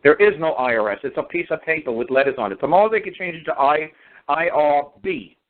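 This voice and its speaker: A man's voice: fairly high pitch, a little fast. Emphatic man on a phone line. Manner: emphatic, repetitive rhetorical questions. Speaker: speaker. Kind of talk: phone talk show discussion.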